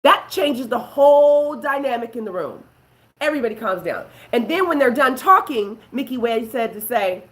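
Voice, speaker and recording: A woman's voice: on the high side, animated, normal speed, a bit bright, low-quality recording. A woman as a prophetess, talking emphatically about relationships and telling stories with quoted voices. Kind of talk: preaching talk show.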